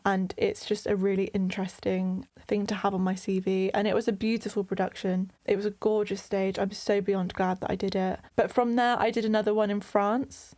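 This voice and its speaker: A woman's voice: mid-range voice, flat delivery, a little fast, hardly any pauses, darkish tone. A young British woman with an enthusiastic, gushing manner, chatting casually as an interview guest. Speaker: guest, burlesque performer.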